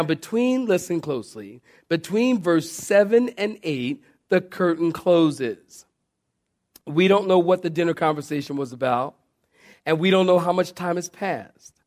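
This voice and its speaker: A man preaching a sermon, telling stories with humor, restarting phrases and speaking straight to his congregation. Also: on the high side. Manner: animated storytelling with humor and repeated restarts; addresses the congregation directly. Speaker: pastor.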